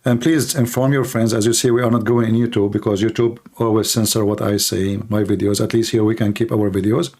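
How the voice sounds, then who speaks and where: A man hosting a live call-in debate stream, mocking and combative in manner, his voice hoarse and tired with occasional coughs. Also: lowish voice, flat delivery, brisk, hardly any pauses, darkish tone. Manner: mocking, combative, repeats points rhetorically. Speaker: livestream host debating callers.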